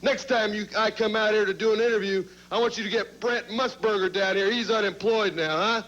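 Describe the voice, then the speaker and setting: A man's voice: high-pitched, steady tone, a little fast, fairly bright tone, dull audio. A man cutting a boastful, taunting wrestling promo on old TV audio.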